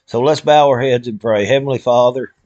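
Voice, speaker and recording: A man's voice: mid-range voice, brisk, a little mellow, no room sound, highs cut off. An older man, speaking an emotional, heartfelt prayer to his live-stream viewers in a folksy way.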